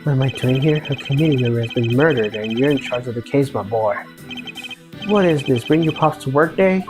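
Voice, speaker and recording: Streamer putting on a low, doting old gentleman; sentimental, teasing, game music under it. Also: brisk, natural voice. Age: older. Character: doting, tearful old man, sly committee chairman. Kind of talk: reading game dialogue aloud.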